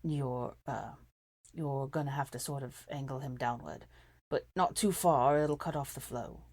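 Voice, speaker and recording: A woman voicing a proud, bitter young man who sneers and flares into shouting. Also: extremely low pitch, normal speed, no echo. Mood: pleading, irritable. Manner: sullen, sneering, erupts into shouting. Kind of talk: fan fiction reading.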